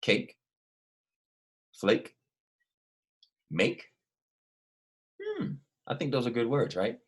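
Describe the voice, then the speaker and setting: A man's voice: mid-range voice, huge pitch swings. A man teaching a recorded language lesson, explaining patiently step by step and asking his students questions. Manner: slow, careful dictation with each word repeated.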